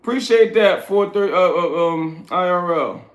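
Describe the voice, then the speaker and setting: New guy on a livestream, blunt and preachy, kinda high voice, echoey room. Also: normal speed. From New York. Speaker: livestream host. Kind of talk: casual livestream chat, reading chat aloud.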